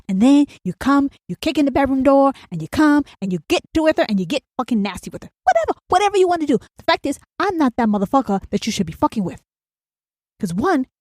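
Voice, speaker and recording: A fairly high-pitched woman hosting a solo podcast in a dry, close recording. She speaks bluntly and profanely and keeps hammering her points with questions. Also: darkish tone, no echo. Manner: blunt, profane and emphatic, with repeated rhetorical questions. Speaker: podcast host.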